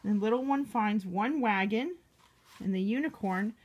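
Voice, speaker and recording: A woman reading a picture book aloud to a young child, gently asking the child questions as she goes. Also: mid-range voice, a little slow.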